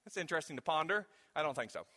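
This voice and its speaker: This pastor talks very fast, his fairly high voice sharp, breathy-edged and lively in intonation. He preaches emphatically, questioning the congregation directly, while long hall reverb fills the recording.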